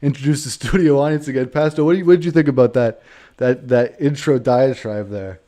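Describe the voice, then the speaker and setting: Man, game streamer host; excitable, swears a lot, over-the-top rants, mellow tone. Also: medium pitch, a little fast. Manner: excitable, profane, mock-dramatic rants. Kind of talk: casual livestream chat while gaming.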